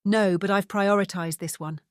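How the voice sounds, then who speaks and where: Narrator doing tight-lipped ex-cop guy, flat tone, pretty much her own voice. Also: high-pitched, normal speed, smooth, no room sound, studio quality, lightly acted. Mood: guarded. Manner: flat, guarded. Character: reserved former police detective man.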